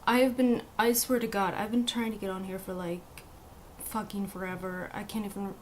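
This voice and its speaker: A young woman chatting casually on a live stream through a webcam, frustrated, swearing and breaking off into halting restarts. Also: medium pitch, fairly even intonation, darkish tone, slight background noise. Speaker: livestreamer.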